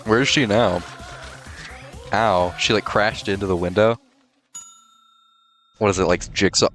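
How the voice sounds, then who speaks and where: A man hosting a let's play, reacting with laughs and swearing and reading game dialogue aloud. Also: on the low side. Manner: excitable, swears, laughs often.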